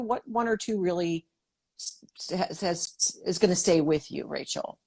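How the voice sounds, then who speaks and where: A woman's voice: medium pitch, lively intonation, moderate pace, a little mellow, breathy edge. A woman hosting a political interview, talking thoughtfully with many restarts. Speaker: host. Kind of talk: interview talk.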